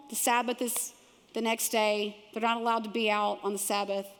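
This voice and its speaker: A woman pastor with a Texan accent preaching a sermon, animated and acting out the voices of people in the story. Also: on the high side. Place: large church auditorium. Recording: long hall reverb from a church auditorium.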